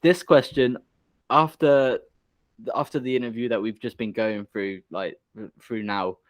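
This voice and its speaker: UK male podcast host, casual banter and frequent laughs; mid-pitched voice, dry close sound. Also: fairly even intonation, a little slow, dry recording. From United Kingdom. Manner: laughs often, banters, swears.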